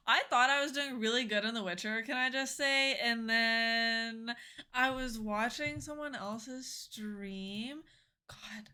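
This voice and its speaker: A young woman chatting casually with viewers during a game live stream, bubbly and quick to laugh. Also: on the high side, bright, forceful tone, clear, resonant tone.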